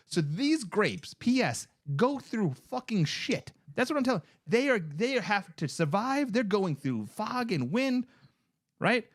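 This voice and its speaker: Lively, high-voiced man in his thirties. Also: unhurried, no room sound, clean studio sound. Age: 30s. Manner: animated, profane storytelling. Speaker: podcast co-host. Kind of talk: casual chat.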